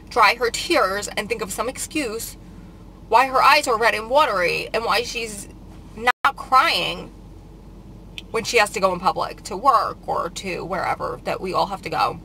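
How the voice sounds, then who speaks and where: A woman's voice: mid-range voice, animated, unhurried, creaky, bright, forceful tone, a little hiss or hum, rough recording. A woman vlogger telling a painful story in a casual confessional vlog, upset and rambling with many filler words.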